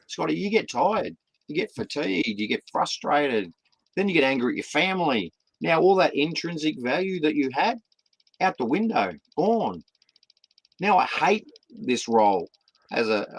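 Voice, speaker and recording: Australian male, fifties, gravelly, fervent interview guest who stammers into sermons. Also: on the high side, dry recording, rough recording. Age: 50s. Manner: impassioned, repeats words and restarts, preaches with rising emphasis. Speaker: guest, community partnerships founder. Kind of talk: passionate conversational interview.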